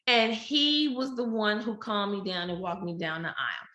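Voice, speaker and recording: A woman's voice: medium pitch, moderate pace, dull audio. Woman storyteller in a roomy echo. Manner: animated, acts out quoted dialogue with shifting voices. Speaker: podcast guest. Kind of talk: candid personal storytelling.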